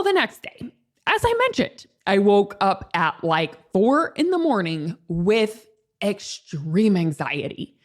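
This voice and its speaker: Animated higher-voiced woman podcaster. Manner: animated, swings between excited highs and calm low tones. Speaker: podcast host. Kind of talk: casual solo podcast storytelling.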